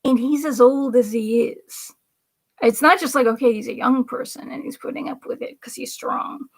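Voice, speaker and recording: A woman's voice: sits high, moderate pace, gravelly. A woman hosting a political commentary livestream, talking in a rambling, emphatic way and now and then dropping to a whisper for effect. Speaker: livestream host.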